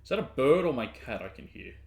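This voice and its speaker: A young man chatting casually to his stream while playing, rambling with quick asides. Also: mid-range voice, big pitch swings, a little mellow. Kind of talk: casual gameplay commentary.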